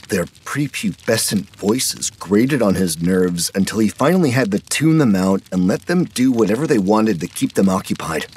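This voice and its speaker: A man narrating a horror story in a measured, dramatic manner. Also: deep voice, darkish tone, husky.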